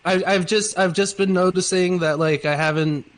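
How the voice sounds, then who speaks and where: A man's voice: sits high, fairly even intonation, normal speed, rough recording. A man with an Australian accent chatting casually on a voice call, laid-back and swearing freely. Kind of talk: casual chat with friends. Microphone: voice call mic.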